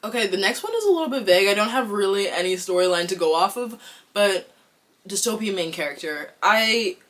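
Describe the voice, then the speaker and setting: Young boston woman just chatting to camera, says like a lot, candid and excitable. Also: mid-range voice, brisk. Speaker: actor vlogger. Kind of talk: casual talk to camera.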